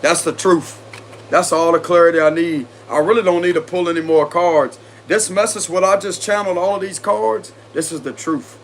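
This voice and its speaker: Man, Cajun accent, casual tarot reader, confident and repetitive, slightly high pitch, faint noise. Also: steady tone, moderate pace. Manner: chatty, confident, repeats himself.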